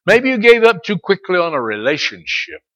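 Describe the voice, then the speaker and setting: A middle-aged pastor preaches to his congregation in a voice pitched a touch high for a man. He moves between quiet, conversational asides and loud, stretched-out calls not to give up. Now and then he turns to single listeners and speaks to them by name. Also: big pitch swings. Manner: preaching that swings between soft asides and loud, drawn-out exhortations. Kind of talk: sermon.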